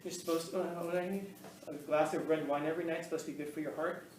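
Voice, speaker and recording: Speaking fast in a fairly high, steady, slightly mellow voice, a man tells meandering stories to a room of listeners, laughing and restarting often. He's recorded on camera via a distant mic, off-mic in an echoey room, with faint ambience and slight background noise.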